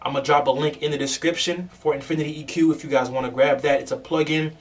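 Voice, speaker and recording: A man's voice: fairly high pitch, fast talker, far from the mic, slight background noise. Casual man explaining audio plugins. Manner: relaxed, talks through his screen with fillers. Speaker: music producer teaching EQ. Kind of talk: casual tutorial walkthrough. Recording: voice a bit off-mic over music.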